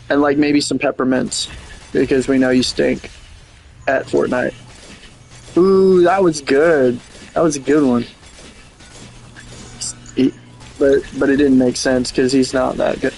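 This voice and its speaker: A man's voice: on the high side, slight background noise. A man streaming a game and chatting casually, rambling and joking, swearing freely. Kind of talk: casual livestream chat.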